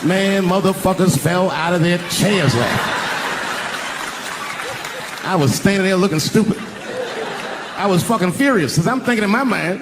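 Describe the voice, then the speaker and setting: An older male comedian performs stand-up on a big arena stage, his fairly high voice swinging widely as he spins a profane story. He talks into a handheld mic. The live recording carries clear background noise. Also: animated, normal speed, pauses often. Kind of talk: stand-up routine. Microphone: handheld stage microphone.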